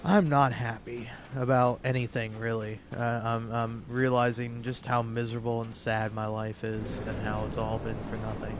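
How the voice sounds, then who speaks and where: A man rambles through gameplay commentary, sarcastic and swearing freely as he talks to himself. His voice sits at an ordinary middle pitch. Steady background noise runs under the recording. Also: moderate pace, few pauses. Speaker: gaming video creator.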